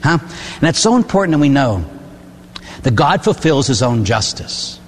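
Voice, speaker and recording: A Pittsburgh priest, older, preaches in a medium-pitched, sing-song voice at a moderate pace, telling folksy stories, asking "huh?" and performing voices. The recording has a big-room sound and a bit of hiss or hum.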